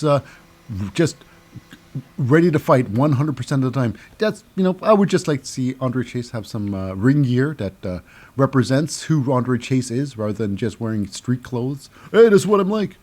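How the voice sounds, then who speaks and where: A man's voice: mid-range voice, lively intonation, normal speed, a little mellow. A man hosting a casual wrestling recap, rambling with lots of fillers and mixing up names. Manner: rambling, many fillers and name mix-ups. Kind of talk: casual solo show recap.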